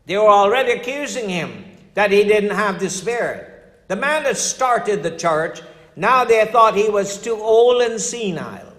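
Older guy pastor preaching, high-ish voice, chatty storytelling sermon, echoey hall. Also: expressive, measured pace, fairly bright tone. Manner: storytelling, conversational preaching with dramatic drops in voice.

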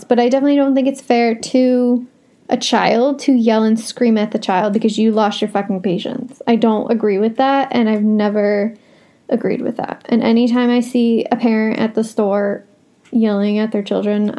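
Frank, swearing woman podcaster, mellow tone. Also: fairly high pitch. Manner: blunt, frank and swears a lot. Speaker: podcast host. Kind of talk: casual solo podcast talk.

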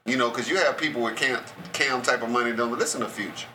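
A bright-toned man argues football in relaxed, confident banter and laughs often. A faint hum of room noise sits behind him. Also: mid-range voice, quick pace. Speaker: co-host. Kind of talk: casual sports talk banter.

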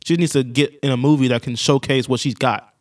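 A man's voice: medium pitch, fairly even intonation, fairly quick. A man co-hosting a podcast, talking in a laid-back, slangy casual way. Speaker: podcast co-host. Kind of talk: casual chat.

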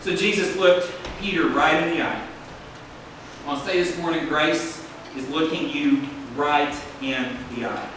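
The congregation responds to a male pastor's preaching cadence as he delivers a sermon in a church sanctuary. His voice is fairly high and unhurried, recorded from a distance in an echoey hall with background noise.

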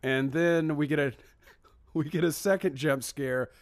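A man's voice: a little high, unhurried, no room sound, clean studio sound. A man co-hosting a podcast, recapping a film in casual chat and acting out quoted lines. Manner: animated, acts out quoted lines. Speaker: podcast co-host.

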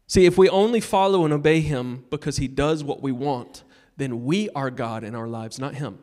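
A male pastor giving a sermon, telling a personal story and urging the congregation, moving between loud appeals and hushed moments. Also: mid-range voice, normal speed, few pauses. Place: church sanctuary.

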